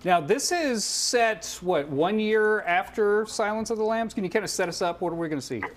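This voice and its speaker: A man from the American South hosting a TV interview, playful and animated. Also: high voice, normal speed, slight background noise. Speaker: TV host.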